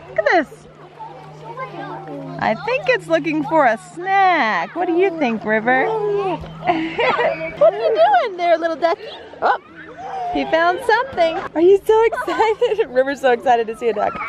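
A woman's voice: extremely high pitch, sing-song, a little slow, long pauses. A woman filming her baby on a lakeside beach, chatting in sing-song baby talk and laughing often. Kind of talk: casual family vlog chat. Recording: outdoor crowd and noise.

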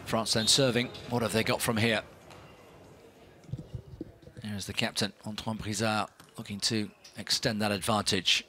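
A man's voice: fairly low pitch, measured pace, long pauses. Man calling volleyball play-by-play. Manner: animated, rising with big points. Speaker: sports commentator. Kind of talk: live play-by-play commentary.

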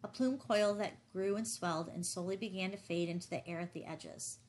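Female audiobook narrator, measured, slightly low register. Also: a little mellow, a little hiss or hum. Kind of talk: scripted narration.

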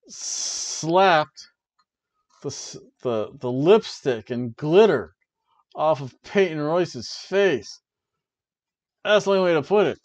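A man hosting a wrestling review show, talking in an animated, chatty way with offhand asides. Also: a little high, lo-fi sound. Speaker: wrestling review podcast host. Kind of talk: casual chat.

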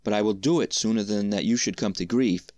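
A man voicing a sly, cautious peasant in a storybook reading, speaking in a hushed, confiding way. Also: fairly low pitch, a little fast, dry recording, natural voice.

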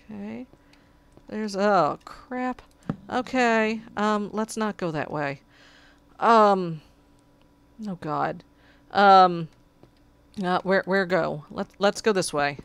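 A woman hosts a casual gameplay video, chatting her way through it in an unhurried drawl. She talks to her cat between moves. A faint hiss and some clicks sit under her voice. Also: medium pitch, creaky. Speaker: let's play host.

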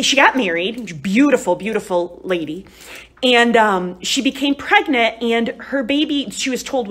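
A woman retreat speaker addresses a live group, sharing stories conversationally and often checking in with "right?" and "you know?". She sounds a little high and a bit bright.

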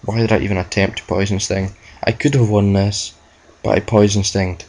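Low-voiced young man gaming. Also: little pitch movement, moderate pace, a little mellow, poor audio. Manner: rambling, self-mocking, swears at the game. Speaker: gamer. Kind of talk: video game playthrough commentary. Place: at home with a laptop.

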